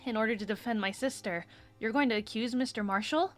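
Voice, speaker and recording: A woman's voice: fairly high pitch, fairly quick, soft background music, pitched above the performer's own voice, lightly acted. A woman voicing an earnest young woman worried for her sister.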